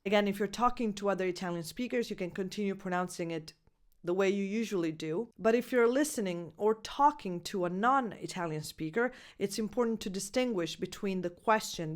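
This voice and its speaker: A young woman coaching English pronunciation, carefully modeling each word and repeating sounds clearly. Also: medium pitch. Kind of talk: pronunciation lesson.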